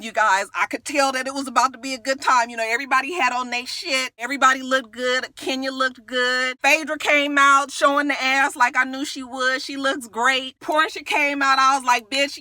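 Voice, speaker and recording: A woman recaps a reality TV episode in a loose, profane monologue, her voice high and bright. She talks fast and animated, leaping up in pitch whenever she plays one of the cast. The sound is close and dry. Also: dry recording. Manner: animated, quick, acts out quotes with big pitch jumps.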